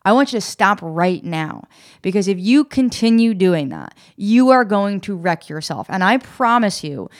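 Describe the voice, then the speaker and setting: A woman's voice: mid-range voice, sing-song. A woman co-hosting a casual self-help podcast, talking earnestly and encouragingly to listeners. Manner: earnest, encouraging, retells scenes in quick voices. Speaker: podcast co-host.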